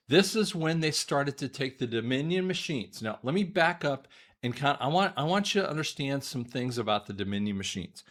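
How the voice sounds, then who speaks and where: A man, an audiologist, giving a rambling monologue commentary to his viewers, often repeating words, restarting sentences and clearing his throat. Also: mid-range voice, animated, fairly quick, a bit bright.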